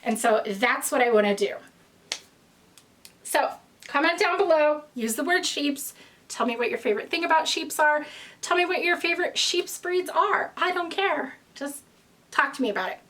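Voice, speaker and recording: A young woman talks casually to her viewers in a bright, high voice. She rambles and wanders off on tangents, and she sounds a little out of breath. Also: lively intonation, normal speed. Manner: rambling, chatty, with tangents and restarts. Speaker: knitting podcast host. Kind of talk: casual chat to camera.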